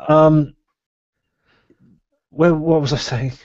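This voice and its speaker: A man's voice: on the high side, fairly even intonation, takes it slowly, a little mellow, dry recording. Rambling man hosting a podcast. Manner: rambling, laughs often. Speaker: podcast host. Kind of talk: casual live podcast chat. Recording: dull lo-fi live stream audio.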